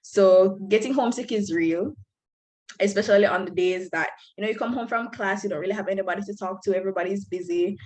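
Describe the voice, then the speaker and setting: A woman's voice: medium pitch, fast talker, a little mellow, poor audio. Candid young woman giving advice. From Belize. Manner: candid and earnest, with light laughs. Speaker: student speaker at an orientation. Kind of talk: frank advice talk. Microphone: video call.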